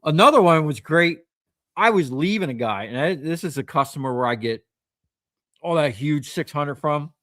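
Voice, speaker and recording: A man's voice: a little high, expressive, normal speed, a bit bright, no room sound, studio quality. Chatty man telling shop stories. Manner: rambling anecdotes full of "you know" and quoted dialogue. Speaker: scrap metal recycler and livestreamer. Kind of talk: casual storytelling on a livestream.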